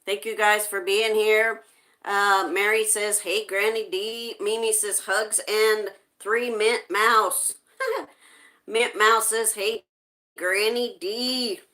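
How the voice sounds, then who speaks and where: A woman hosting a live stream reads viewers' chat messages aloud at an unhurried pace, greeting each newcomer by name. Her mid-range voice is bright, forward, and steady in tone.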